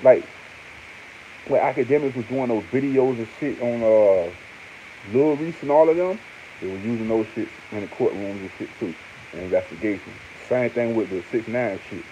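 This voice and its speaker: Man, casual commentator, animated and slangy, warm mellow tone, muffled with light hiss. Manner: animated, swings to high exclaims, heavy slang and repeated fillers. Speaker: online commentator. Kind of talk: casual monologue on hip hop news.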